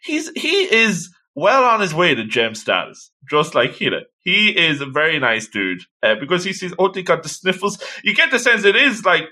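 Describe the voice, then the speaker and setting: A man's voice: a little high, wildly swooping pitch, normal speed, hardly any pauses, sharp tone. A man co-hosting a casual chat about a comic, enthusiastically retelling scenes and acting out lines. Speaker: co-host discussing a manga chapter.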